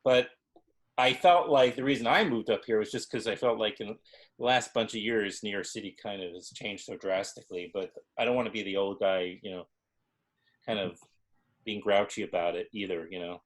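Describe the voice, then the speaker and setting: A middle-aged man hosting a casual interview, talking in a relaxed, musing way with some hesitation. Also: on the low side, moderate pace. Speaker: host.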